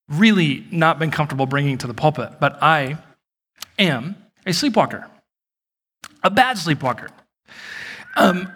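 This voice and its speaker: A man in his thirties preaching a sermon in a church hall, telling stories with lively acted-out moments. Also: fairly high pitch, slightly rough. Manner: animated storytelling, acts out shouted quotes. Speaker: pastor. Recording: long reverb of a large hall.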